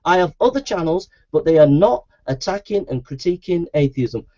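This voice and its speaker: A man's voice: a little high, expressive, normal speed, dark tone. A man, a Christian preacher speaking straight to his webcam in a heated, aggrieved monologue that keeps circling back on itself. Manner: aggrieved, repetitive, insistent. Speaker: Christian preacher and video maker. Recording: dull lo-fi webcam audio.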